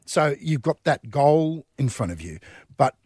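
A man's voice: mid-range voice, sing-song, a little slow, darkish tone, husky, dry recording, clean studio sound. An actor, a man, chatting as a guest on a breakfast radio show and telling theatrical stories. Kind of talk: casual radio chat.

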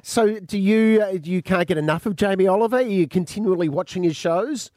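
A man co-hosting breakfast radio, asking callers quick, animated questions. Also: high-pitched, no echo, studio quality. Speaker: radio co-host.

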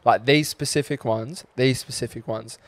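A man's voice: mid-range voice, fairly even intonation, normal speed, no room sound. A young Australian man co-hosting a podcast, chatting casually and swearing freely as he tells stories and quotes people. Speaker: podcast co-host. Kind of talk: casual chat.

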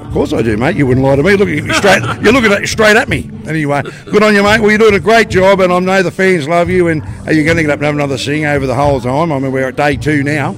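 A man's voice: a little high, fast talker, few pauses, music in the background. An Australian man hosting a podcast, chatting matily with people at an outdoor festival. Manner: chatty, matey banter. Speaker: podcast host. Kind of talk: on-site festival interviews.

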